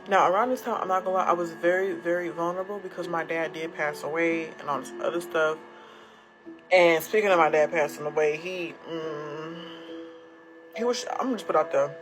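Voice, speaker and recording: A woman's voice: on the low side, fairly even intonation, brisk, music in the background, low-quality recording. A young woman sharing a personal story casually to her followers, candid and blunt, swearing freely. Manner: candid, blunt, profane, emotionally raw. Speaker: storytime creator.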